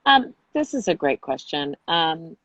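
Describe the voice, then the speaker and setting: A woman's voice: low-pitched, very animated, unhurried, fairly bright tone, dry recording. A woman hosting a podcast interview, friendly, reading out listener questions. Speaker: podcast host. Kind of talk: casual interview chat.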